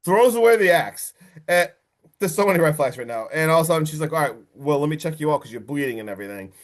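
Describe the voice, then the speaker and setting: A man hosting a podcast, excitedly recapping a horror film, swearing and acting out quotes. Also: fairly high pitch, fast talker. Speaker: podcast host.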